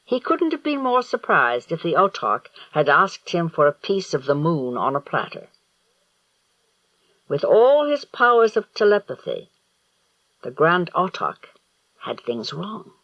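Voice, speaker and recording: A man narrating an audiobook in a slow, deliberate storytelling manner. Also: fairly high pitch, huge pitch swings, sharp tone, no echo, dull audio. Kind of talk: scripted narration.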